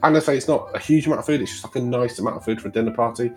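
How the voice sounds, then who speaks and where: A man's voice: mid-range voice, very fast, darkish tone. A man narrating as game master of a tabletop game, rambling with frequent restarts. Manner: rambling, many fillers and restarts.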